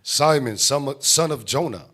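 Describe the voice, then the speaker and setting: Man slowly reading scripture aloud. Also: mid-range voice, expressive, a bit bright. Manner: slow, halting reading aloud of old King James wording. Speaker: scripture reader in class.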